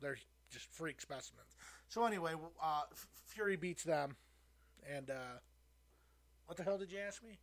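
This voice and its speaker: A man's voice: fairly high pitch, animated, moderate pace. A man co-hosting a podcast, telling a rambling anecdote in casual chat. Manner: rambling anecdote with fillers and laughs. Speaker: podcast co-host.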